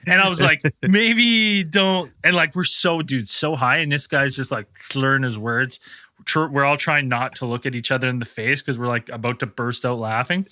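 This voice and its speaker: A man's voice: mid-range voice, steady tone, normal speed, sharp tone, no room sound, clean studio sound. A man co-hosting a podcast, telling a rambling, profane anecdote with frequent laughs in casual chat. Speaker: podcast co-host.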